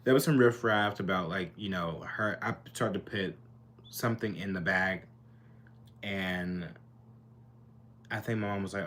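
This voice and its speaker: Young man, sassy rambling storyteller, slightly low voice, faint background hum. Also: moderate pace, long pauses, a bit bright. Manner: chatty, rambling, sassy, lots of fillers. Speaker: vlogger. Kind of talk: casual storytime monologue. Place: his bedroom.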